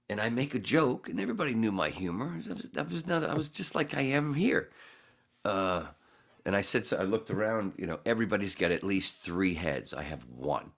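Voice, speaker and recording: A man hosting a podcast, telling a rambling, profane story in casual chat. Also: lowish voice. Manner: profane, rambling, animated when acting out the story. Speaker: podcast host.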